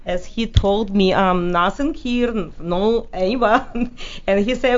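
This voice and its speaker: A woman from Russia with a heavy Russian accent, a guest chatting with giggles and halting fillers. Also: medium pitch. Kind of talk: casual chat. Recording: slightly dull lo-fi sound.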